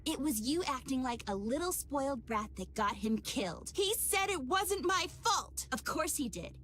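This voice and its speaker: Game role: a cruel, sneering girl's double , played by a woman, bouncy pitch. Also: animated, normal speed, a little hiss or hum, natural voice. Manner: taunting, sneering. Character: cruel mocking girl, Amber's dark double.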